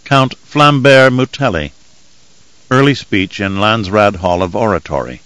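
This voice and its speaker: A man reading an audiobook in measured, even scripted narration. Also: fairly low pitch, dry recording, low-quality recording.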